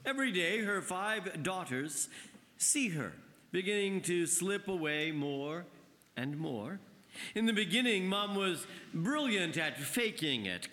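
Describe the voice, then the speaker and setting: A man, a priest, giving a sermon at Mass in slow, measured storytelling. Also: fairly high pitch, sharp tone. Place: church. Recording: long reverb in a church.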